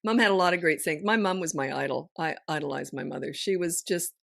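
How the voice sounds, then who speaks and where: Woman podcast host, middle-aged, frank and lively, dry studio sound. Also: low voice, creaky, no room sound. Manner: frank, lively storytelling with quick asides. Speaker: parenting coach and podcast host. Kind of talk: casual podcast chat.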